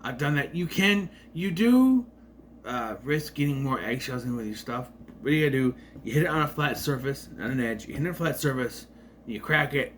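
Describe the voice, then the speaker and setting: A man's voice: medium pitch, expressive, fairly quick, slight background noise. A man giving a casual, rambling movie review with sarcastic asides.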